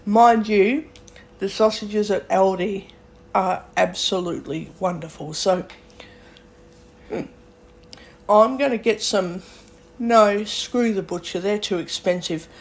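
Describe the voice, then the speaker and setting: A woman's voice: mid-range voice, takes it slowly, pauses often. A young Australian woman vlogging, thinking aloud in a chatty, rambling way with fillers and self-corrections. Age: young adult. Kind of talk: casual rambling monologue.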